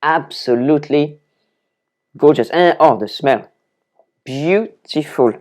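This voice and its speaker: A French-accented woman talks the viewer through a simple recipe in her kitchen, chatty and keen. Her voice sits low, and she takes her time with each phrase. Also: slow, a little mellow. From France. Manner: chatty and enthusiastic, talks to the viewer while chopping. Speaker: cooking video host. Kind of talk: casual cooking demonstration. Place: home kitchen.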